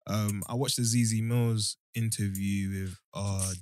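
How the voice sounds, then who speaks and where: A man's voice: on the low side, fairly even intonation, measured pace, a little mellow. A young man chatting casually on a podcast, rambling with lots of fillers. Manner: laid-back, rambling with many fillers. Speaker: podcast co-host. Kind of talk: casual chat.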